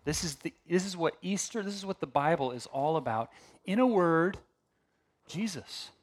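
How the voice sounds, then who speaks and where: A male pastor preaching a sermon in a conversational, animated way, with asides and restarts. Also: a little high.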